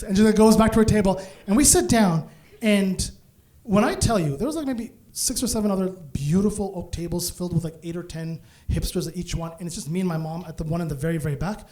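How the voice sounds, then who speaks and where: A man from Canada tells a long comic story on a club stage, animated and quick to laugh through his punchlines. His voice sits high for a man. He speaks into a handheld stage mic. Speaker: stand-up comedian. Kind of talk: stand-up storytelling.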